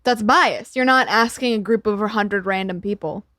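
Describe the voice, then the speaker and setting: A woman's voice: medium pitch, sharp tone, dry recording, studio quality. A teenage girl, arguing and joking sarcastically in a casual family chat. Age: teens. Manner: quick, argumentative, sarcastic. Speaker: host's daughter.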